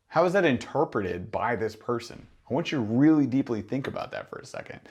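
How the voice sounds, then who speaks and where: A man's voice: medium pitch, animated, brisk, hardly any pauses, darkish tone, husky. A man coaching gym owners in a monologue, emphatic and full of rhetorical questions and acted-out exchanges. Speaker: business mentor for gym owners. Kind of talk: instructional monologue.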